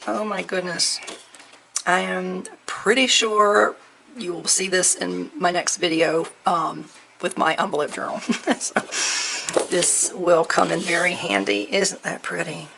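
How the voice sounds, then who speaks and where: A woman chatting through an unboxing, gushing softly and at times dropping to a near whisper. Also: on the low side, steady tone, a little slow, creaky, background noise. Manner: gushing, soft-spoken, often near a whisper. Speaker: crafting vlogger. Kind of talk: unboxing chat.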